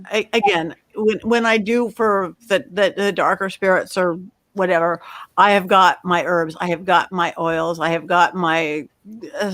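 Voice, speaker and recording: A middle-aged woman on a panel, telling lively stories and acting out the quoted voices in them. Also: fairly low pitch, no room sound. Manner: animated storyteller, acts out quotes. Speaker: medium, panel guest. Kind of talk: casual panel chat.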